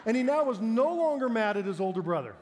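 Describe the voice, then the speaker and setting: A man's voice: very high-pitched, sing-song, fast, noisy background. A middle-aged man preaching a sermon, telling family stories in a conversational, self-deprecating way. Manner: conversational, self-deprecating storyteller, breaks into laughter. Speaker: pastor. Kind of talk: sermon with personal storytelling. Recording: long reverb of a large hall.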